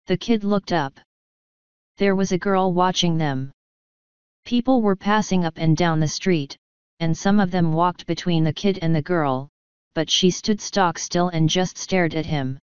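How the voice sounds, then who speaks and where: A woman narrating an audiobook in a calm, even storytelling manner. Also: fairly low pitch, measured pace, clear, resonant tone, no echo, lo-fi sound. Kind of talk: scripted narration.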